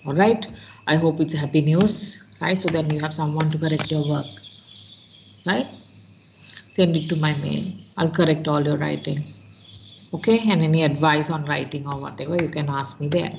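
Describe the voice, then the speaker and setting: A woman's voice: deep voice, steady tone, normal speed, gravelly, a little mellow, highs cut off, a little hiss or hum. A woman teacher with a Sri Lankan English accent giving an online class lecture. She keeps checking in with her students by asking "right?". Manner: instructive, checks in with frequent "right?".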